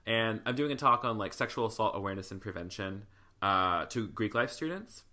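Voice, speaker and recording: A man hosting a podcast with a Southern US accent, telling stories in an animated, preacher-style way. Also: on the low side, fairly quick. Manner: animated storyteller, preacher-style call and response. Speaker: podcast host. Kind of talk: casual chat.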